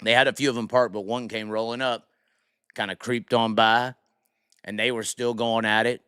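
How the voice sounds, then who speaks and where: A man's voice: medium pitch, moderate pace, clear, resonant tone, dry recording, clean studio sound. A man hosting a casual live stream, telling a rowdy story with lots of cursing and acted-out voices. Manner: animated, profane, acts out the people in his story. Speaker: podcast host.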